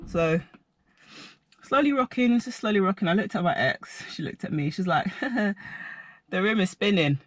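Bright-voiced man telling a story. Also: sits high, moderate pace, dry recording. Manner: rambling, animated, heavy filler words. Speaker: vlogger. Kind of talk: casual storytelling to camera.

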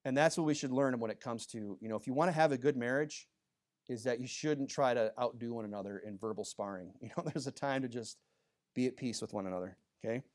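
A pastor preaching a sermon in a church, talking conversationally with many asides, moving between emphatic bursts and low, quiet remarks. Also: male voice, fast talker. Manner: conversational, full of "you know" asides.

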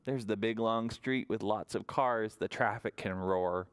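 A man leading a library toddler story time, singing action songs and reading aloud in an animated sing-song way to small children. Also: lowish voice, a little slow, clean tone.

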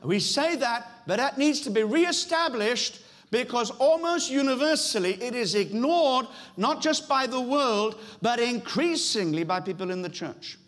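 A man's voice: very high voice, expressive, unhurried, fairly bright tone. A middle-aged man with a British accent preaching a sermon in a church, emphatic, repeating key phrases and speaking straight to the congregation. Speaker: pastor.

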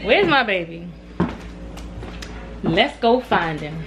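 A woman's voice: medium pitch, big pitch swings, slow pace, music in the background, low-quality recording. A woman hosting her own vlog, chatting to viewers in a bubbly, laughing way. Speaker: vlog host, bride-to-be. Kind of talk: casual vlog chat.

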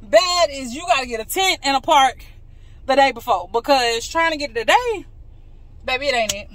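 A bright-toned woman talks straight to her phone camera from the driver's seat, chatty and candid. Her voice is clear and forward, and she drifts into playful asides to her viewers. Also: sits high, expressive, normal speed, no echo. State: out of breath. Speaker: vlogger. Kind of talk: casual vlog talk to camera. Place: walking outdoors, then sitting in her car.

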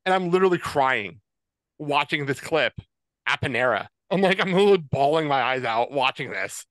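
A man in his forties co-hosting a podcast, halting and choked up, with many pauses and fillers. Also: on the high side, expressive, a bit bright, no echo. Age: 40s. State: tearful, choked up. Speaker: podcast co-host. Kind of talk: casual podcast chat.

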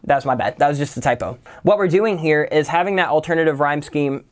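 A man's voice: fairly high pitch, quick pace. A man teaching songwriting in a casual tutorial, talking loosely and filling his sentences with "kind of" and "like". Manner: relaxed, loose, full of "kind of" and "like".

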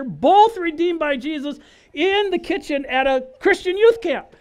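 A middle-aged man giving a lively, conversational personal testimony to a church crowd. He keeps checking in with "right?" and acts out the voices in his stories. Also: very high-pitched, unhurried. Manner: animated, conversational, acts out quotes, frequent "right?". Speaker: guest speaker giving testimony. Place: outdoor church service in a park.

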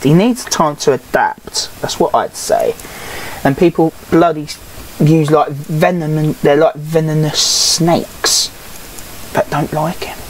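A woman's voice: sits low, a little hiss or hum, low-quality recording. A woman giving casual, grumbling, sarcastic game commentary and swearing freely. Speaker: gaming YouTuber.

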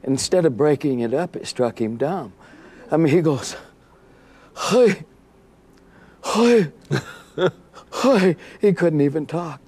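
Animated storytelling man, laughing often. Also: fairly high pitch, moderate pace. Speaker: guest. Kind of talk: storytelling in a TV interview.

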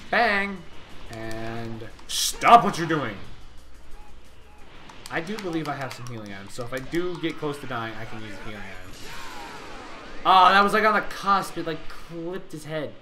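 A young man hosting a gaming channel, giving excitable live commentary on his gameplay and yelling taunts at the enemies. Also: a little high, normal speed, long pauses, soft background music.

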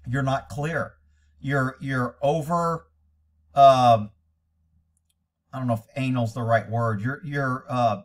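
A man's voice: mid-range voice, far from the mic. A man critiquing a training video as a horse trainer, blunt, profane and lecturing.

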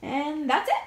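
Playful high-voiced woman in a noisy kitchen. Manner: playful, sings silly chopping chants, swears casually. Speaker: comedian cooking vlogger. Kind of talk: casual cooking vlog. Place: home kitchen.

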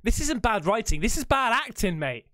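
A man's voice: extremely high pitch, very animated, normal speed, sharp tone, no echo, studio quality. A man hosting a movie reaction, swearing freely and laughing as he calls everyone mate. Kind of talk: casual reaction commentary.

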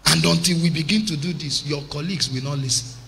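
A man preaching a sermon as an evangelist, with impassioned delivery that swells into shouted emphasis. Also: on the high side, fast, gravelly, slight background noise.

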